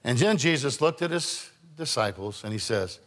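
A man's voice: mid-range voice, lively intonation, moderate pace, a bit bright, long reverb tail. A male pastor preaching a sermon in church, with emphatic rising calls and call-and-response to his congregation. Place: church sanctuary.

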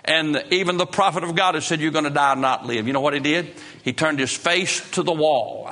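An impassioned male preacher delivers a sermon in a bright, ringing tone. His pitch sits a little above the usual, and his folksy phrasing carries him from hushed lows up to soaring peaks. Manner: folksy grammar. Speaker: pastor.

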